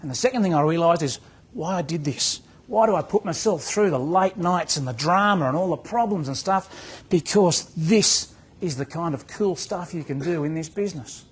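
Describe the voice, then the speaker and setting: Husky man telling a story. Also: fairly high pitch, moderate pace. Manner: storytelling, acts out dialogue, repeats words. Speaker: business coach. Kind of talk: motivational talk to real estate agents.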